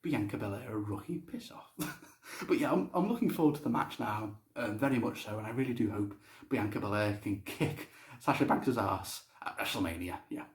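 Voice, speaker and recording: A man's voice: on the low side, expressive, moderate pace. A young man giving a casual, blunt spoken review, swearing freely. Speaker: wrestling show reviewer. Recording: roomy echo.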